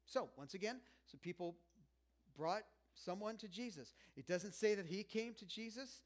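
A man delivers a sermon in a loose, conversational style, joking with the congregation. His voice sits a little higher than most men's. He swings from near hushes up to loud, pressing emphasis. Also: lively intonation, moderate pace. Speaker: pastor.

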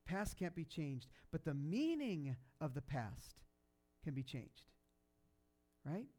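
A pastor tells a story during a sermon in a slow, conversational style full of fillers and restarts. He grows loud when excited and turns soft and low during sad moments.

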